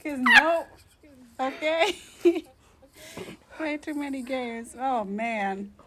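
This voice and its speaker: A young woman with a slightly high voice in a loose conversation. She is playful and emphatic, and her remarks come in short, punchy bursts. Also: animated, heavy background noise. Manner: playful, emphatic, quick asides. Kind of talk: casual chat.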